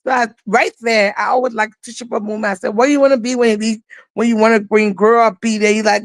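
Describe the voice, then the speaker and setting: A woman's voice: a little high, steady tone, fast, no room sound, rough recording. A woman co-hosting a live online talk show, telling a story in an emotional, rambling way. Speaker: co-host.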